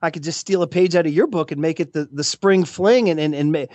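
A man chatting as a guest commentator on a podcast, excitable and rambling, joking as he goes. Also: a little high, quick pace, no echo. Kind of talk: casual podcast chat.

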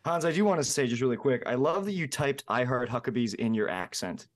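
A podcast co-host chatting in an excited, rambling way. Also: male voice, mid-range voice, brisk. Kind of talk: casual chat.

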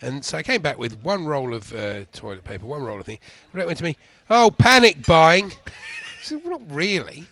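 Chatty co-host, quick and animated delivery, gravelly edge. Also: male voice, mid-range voice, dry recording. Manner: chatty anecdotal storyteller, laughs often. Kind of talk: casual radio chat.

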